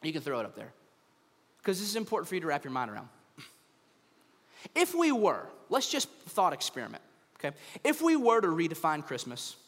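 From a church stage in a big hall, a male American pastor with a fairly high-pitched voice gives a funny sermon. His storytelling is lively, and he performs different voices as the tales unfold.

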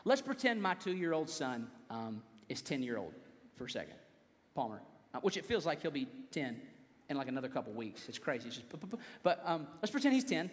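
High-voiced young preacher in a reverberant hall. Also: male voice, big pitch swings, a little fast. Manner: conversational preaching with joking asides to the congregation. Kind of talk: sermon.

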